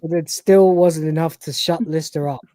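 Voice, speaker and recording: Sweary animated man. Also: a little high, normal speed, no room sound, studio quality. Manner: animated, sweary, acts out quotes with laughs. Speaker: podcast co-host. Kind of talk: casual review chat.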